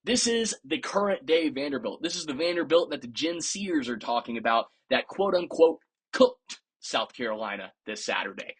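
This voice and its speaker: A man's voice: mid-range voice, big pitch swings, normal speed, a bit bright, breathy edge. A man hosting a podcast, giving casual, opinionated sports commentary with a playfully sarcastic edge. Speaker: podcast host.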